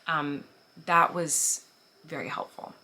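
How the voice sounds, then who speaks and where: A woman in her thirties talks loosely to her viewers, her low voice carrying a bright, forward edge. She rambles in a chatty way with plenty of "like" and "um" and small laughs. A faint hiss sits under the recording. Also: slow. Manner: chatty, frequent "like" and "um", laughs while talking. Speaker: vlogger answering viewer questions. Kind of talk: casual chat.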